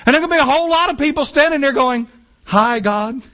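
A man preaching a sermon in an animated, joking way, acting out little quoted lines. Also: extremely high pitch, very fast. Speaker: pastor.

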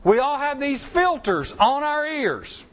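A man's voice: big pitch swings, a little slow. A male pastor preaching a sermon in a folksy, conversational way. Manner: folksy, conversational preaching with wide pitch swings.

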